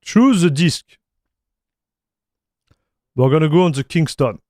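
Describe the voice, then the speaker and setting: A man's voice: fairly high pitch, expressive, slow pace, dark tone, dry recording, clean studio sound. A man with a French accent, chatting loosely on a live tech stream, with many fillers and repeated words. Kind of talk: casual livestream chat while installing software.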